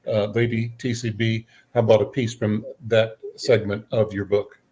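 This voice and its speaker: A man hosting an interview show, speaking casually and haltingly with many fillers. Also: fairly low pitch, level tone, mellow, breathy edge. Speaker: talk show host.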